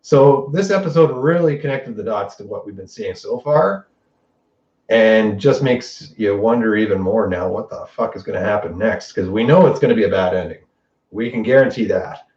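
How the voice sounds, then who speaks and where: Male podcast host, mid-pitched, rambling spoiler recap with curses, recorded off-mic in a roomy space. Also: recorded from a distance, highs cut off. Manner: excited, profane retelling with quick quoted lines.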